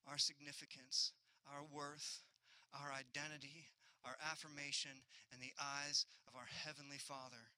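A man's voice: mid-range voice, bright, forceful tone, dry recording, poor audio. A man in his thirties preaching a sermon, earnest and building with repetition, sometimes acting out other voices. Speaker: pastor.

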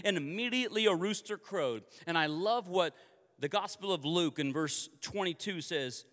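Kansas preacher guy, high-ish voice jumping all over, big hall echo. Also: normal speed. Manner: lively, conversational, confessional. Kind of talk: sermon. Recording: long hall reverb.

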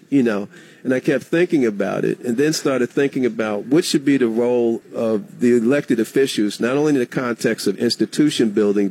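A middle-aged man, a former state legislator, telling a story as a guest in a radio interview. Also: mid-range voice. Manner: animated storyteller, acts out quoted dialogue.

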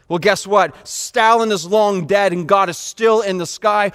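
Pastor, male, higher voice, dramatic preacher from hush to shout, long hall reverb. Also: fairly even intonation, normal speed, few pauses. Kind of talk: sermon.

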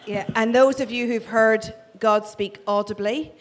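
A woman's voice: a little high, fairly even intonation, measured pace. A woman in her forties with a Northern Irish accent, speaking to a church congregation on a handheld mic, joking and enthusiastic. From Northern Ireland. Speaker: prophetic minister. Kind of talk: lively church talk to a congregation. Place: church hall.

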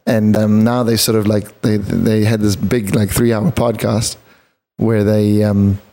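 A man's voice: fairly low pitch, little pitch movement, a little slow, gravelly, dark tone. A man co-hosting a podcast, telling stories in a loose, rambling way full of fillers and restarts. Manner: rambling, filler-heavy storytelling. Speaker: podcast co-host. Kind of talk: casual chat. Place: podcast studio set with lights.

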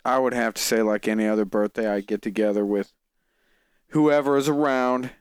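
A man with a smooth, clear voice joins a casual podcast chat. He talks in an easy, laid-back way with a dry touch. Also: on the low side, steady tone, moderate pace, no echo.

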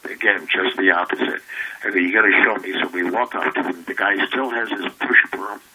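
A man in his seventies spins showbiz anecdotes with lively energy, slipping into voices as he goes. His voice sits low but rings sharp and bright. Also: fairly quick, husky, poor audio. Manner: animated storyteller who acts out voices. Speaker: comedy writer and warm-up comedian. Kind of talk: casual anecdote telling.

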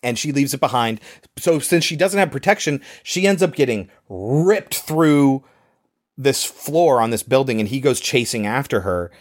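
A man with a mid-range, expressive voice and a normal pace hosts a podcast. He gives a laid-back, detailed recap of a film, reenacting scenes and voicing quoted dialogue.

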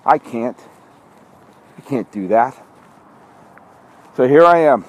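The voice is a man's, medium in pitch and a little mellow, with lively intonation, an unhurried pace and frequent pauses, captured in low quality. He's a podcast host on a nighttime walking monologue in an outdoor parking lot, exasperatedly scolding himself as street sounds and a backing-up truck play behind him.

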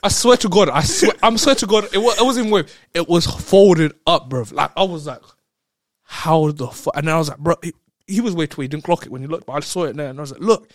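A man telling a story in casual chat, excitable, laughing often and repeating words. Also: on the high side, fast talker, no room sound, studio quality.

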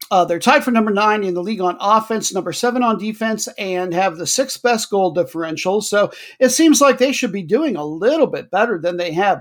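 Guy with a fairly high voice rambling about soccer stats, dry jokey asides. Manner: wry, chatty asides. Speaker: podcast host. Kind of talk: casual football commentary.

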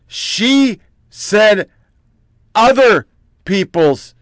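A man's voice: sits high, lively intonation, drawn-out words, no echo. A man hosting a political commentary show, reading out headlines in short clipped bursts with profane, mocking asides.

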